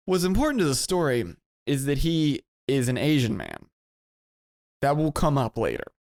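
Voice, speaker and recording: A man's voice: moderate pace, no echo, clean studio sound. Rambling man telling a long story. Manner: rambling, animated storytelling with jumps into high voices for quoted people. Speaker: podcast co-host. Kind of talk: casual storytelling.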